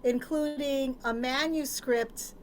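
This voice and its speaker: A woman's voice: high voice, fairly even intonation, slow pace. A woman panelist sharing news on a video call, precise and correcting herself as she goes. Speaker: faculty panelist. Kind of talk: informative closing remark.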